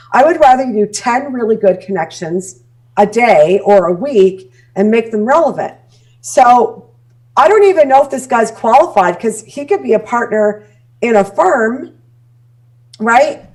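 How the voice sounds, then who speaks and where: A Canadian woman, a guest speaking coach on a podcast, talking bluntly and acting out quoted messages. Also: fairly high pitch. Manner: blunt, animated, acts out quoted dialogue. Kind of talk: casual podcast interview.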